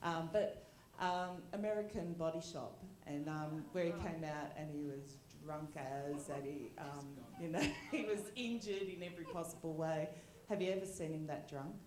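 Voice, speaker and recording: Woman, fan at a Q&A; giggly, rambling, slightly low voice, roomy echo. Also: normal speed, hardly any pauses, a crowd in the background. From Australia. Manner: giggly, rambling, many fillers. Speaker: fan asking a question. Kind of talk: casual convention Q&A. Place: convention hall audience mic. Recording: echoey hall.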